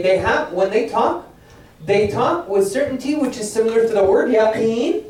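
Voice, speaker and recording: A man's voice: high voice, darkish tone. Echoey far-off man teaching Quranic verses. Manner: fires rhetorical questions and acts out quoted voices. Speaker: religious teacher. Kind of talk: lecture explaining Quranic verses.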